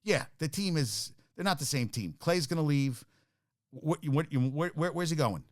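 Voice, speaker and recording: A man's voice: on the high side, lively intonation, normal speed, no room sound, studio quality. A man hosting a sports talk show, ranting casually and profanely, worked up and full of restarts.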